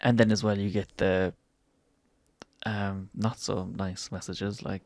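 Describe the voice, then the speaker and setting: Irish man, podcast guest, low-pitched, soft and reflective, dry close sound. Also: little pitch movement, dry recording. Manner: soft-spoken, reflective, halting. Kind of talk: casual chat.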